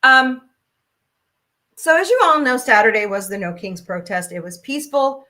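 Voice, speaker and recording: Bright-voiced blunt woman ranting. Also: on the high side, expressive, normal speed. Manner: blunt, profane, laughs often. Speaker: host. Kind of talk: casual ranting chat.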